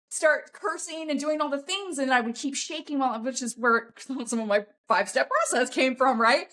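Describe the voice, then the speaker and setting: A woman's voice: high-pitched, normal speed, hardly any pauses, fairly bright tone. A woman talking bluntly and emphatically as a podcast guest, swearing often in a coaching tone. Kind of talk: casual podcast conversation.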